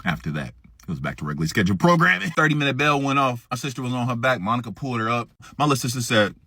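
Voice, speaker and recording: A man telling a story in a casual storytime, animated and profane, acting out what others said. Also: mid-range voice, rapid-fire, husky, no echo, clean studio sound.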